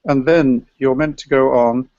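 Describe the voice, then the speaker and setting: A man with a gravelly voice presents an academic paper in a scholarly, meandering way. The recording is dry and slightly dull, with no room sound. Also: mid-range voice, steady tone, a little slow, darkish tone, dry recording. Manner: scholarly, digressive, sings chant examples. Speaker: lecturer on medieval chant.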